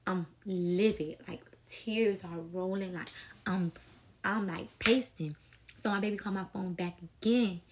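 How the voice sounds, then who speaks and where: A young adult woman telling a personal story in a casual storytime vlog, animated and emotional, with plenty of slang. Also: medium pitch, unhurried, background noise.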